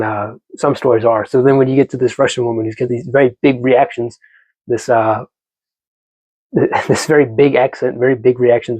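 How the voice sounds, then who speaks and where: A man's voice: mid-range voice, a little mellow, slightly rough, poor audio. A man giving a casual, rambling book review as a vlogger, with lots of fillers and restarts.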